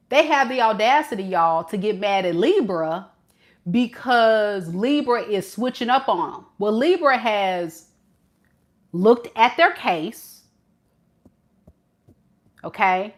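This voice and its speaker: A woman's voice: medium pitch, animated, slow pace, pauses often. A woman giving a casual tarot reading to camera, talking in a sassy, slangy way and laughing often. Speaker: tarot reader.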